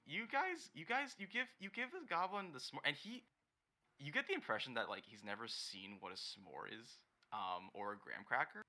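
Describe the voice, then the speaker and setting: A man running a tabletop game as dungeon master, narrating in a halting, rambling way as he searches for words. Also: mid-range voice, lively intonation, bright, forceful tone.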